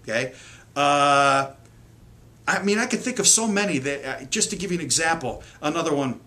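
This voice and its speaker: A man's voice: a little high, lively intonation, normal speed, pushed and bright. Earnest man coaching parents on camera. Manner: earnest, emphatic, acts out parents' lines. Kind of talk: direct-to-camera lesson.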